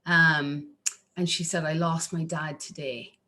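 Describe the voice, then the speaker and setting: Lively Irish woman guest, slightly low-pitched, talks in bursts and restarts, acts out quotes. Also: slow pace. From Ireland. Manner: animated, acts out quotes in a jumpy high voice, lots of restarts. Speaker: singer-songwriter guest. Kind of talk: casual interview chat.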